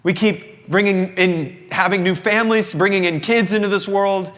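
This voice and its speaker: A man's voice: high-pitched, fairly even intonation, normal speed, a bit bright. A man in his thirties from the American South, a singer-songwriter giving an earnest, reflective confessional monologue to a live audience. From Southern United States. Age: 30s. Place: indoor company showroom with an audience. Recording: long reverb of a live room.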